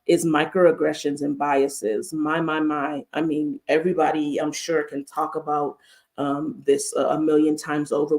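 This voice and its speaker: An American therapist, an adult with a master's degree, hosts a livestreamed mental health talk in a deep, darkish voice. She speaks emphatically, returning again and again to rhetorical questions.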